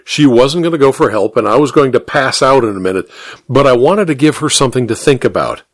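A man narrating a first-person story audiobook in a measured, wry manner. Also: medium pitch, expressive, no echo, clean studio sound.

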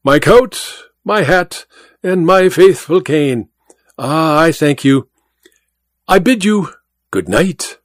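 A man's voice: fairly high pitch, expressive, slow, pauses often, dry recording, clean studio sound, voice pushed up. A man reading aloud, voicing a sly male stage magician in a mask with a polite, theatrical manner. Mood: mock courteous.

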